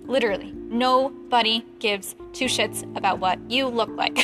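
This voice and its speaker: A woman in her late twenties, a photographer, chatting casually in an animated, heated way and laughing often. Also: fairly high pitch, moderate pace, over music. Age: 20s. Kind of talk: casual chat.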